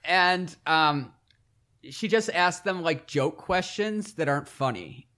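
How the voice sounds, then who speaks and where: A man co-hosting a podcast, chatting casually in an animated, teasing way. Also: on the high side, slow. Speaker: podcast co-host. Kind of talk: casual chat.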